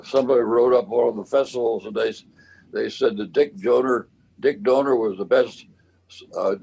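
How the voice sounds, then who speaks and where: A man in his nineties, a bandleader and cornet player, reminiscing in a casual interview with a halting, rambling way of telling stories. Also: on the low side, vocal fry, a little mellow, husky. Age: 90s. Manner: rambling, halting storyteller with many restarts.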